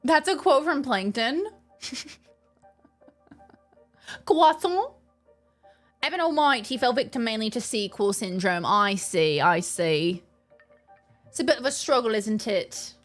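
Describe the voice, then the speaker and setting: A woman's voice: a little high, expressive, normal speed, soft background music. A young woman streaming a video game, chatting with her viewers in a playful, jokey way. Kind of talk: casual live-stream chat.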